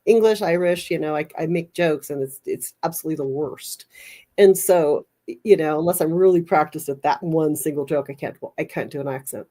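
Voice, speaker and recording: Female podcast host, lower register, casual rambling storyteller, lots of restarts. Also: a little fast, dark tone. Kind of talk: casual chat.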